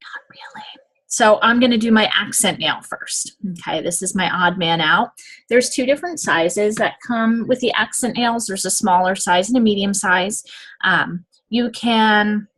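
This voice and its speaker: Woman, casual how-to tutorial, chatty, step-by-step, mid pitch. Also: a little slow, fairly bright tone. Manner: chatty, step-by-step instructions with frequent "okay?" check-ins. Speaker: nail product demonstrator.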